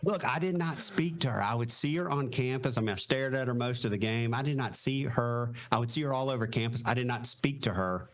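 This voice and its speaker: A man's voice: medium pitch, fairly quick, few pauses. A middle-aged man from North Carolina with a Southern accent, a podcast guest telling stories about his life in an easygoing way, with many fillers. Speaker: podcast guest, retired Marine helicopter pilot. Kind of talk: casual storytelling interview.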